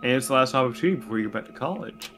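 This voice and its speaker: A young man co-hosting a let's-play, trading relaxed, joking banter with his friend. His voice sits at a middling pitch, with faint music behind. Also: very fast. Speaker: co-host playing a video game. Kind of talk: casual let's-play chat.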